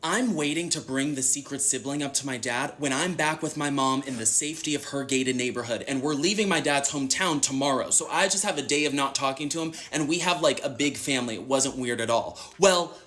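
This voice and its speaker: A man's voice: medium pitch, a bit bright. A man in a played clip telling a personal story in a chatty, dramatic way, acting out what others said. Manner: chatty, quick, dramatic retelling with acted-out quotes. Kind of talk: casual storytelling in an interview clip.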